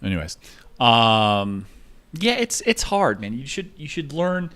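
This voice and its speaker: A man's voice: a little high, huge pitch swings, normal speed. A young man talking in a rambling, digressive monologue, jumping from topic to topic as he tells stories. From United States.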